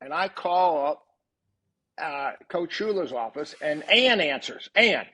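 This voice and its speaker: An older man with a husky, slightly hoarse voice that sits a bit above the usual male pitch. He tells casual stories as a podcast guest and jumps into lively quoted dialogue as he goes. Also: slow pace. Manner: animated storyteller who acts out quoted dialogue. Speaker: podcast guest, retired football coach. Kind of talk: casual anecdotal storytelling.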